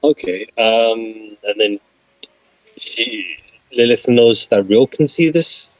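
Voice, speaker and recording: A man playing a tabletop game over a voice call, asking halting questions and restarting his sentences. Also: mid-range voice, dry recording, dull audio. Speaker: player.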